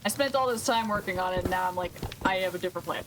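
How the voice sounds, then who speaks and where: A woman's voice: mid-range voice, fast talker, music in the background. A woman streaming a game, thinking aloud and questioning herself as she works through a problem. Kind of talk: casual gameplay commentary.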